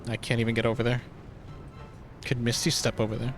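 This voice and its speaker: A man with a mid-range voice and a level tone talks briskly over faint music. He's a streamer playing a role-playing game, muttering to himself in exasperation and swearing a lot as he plans his moves in casual commentary.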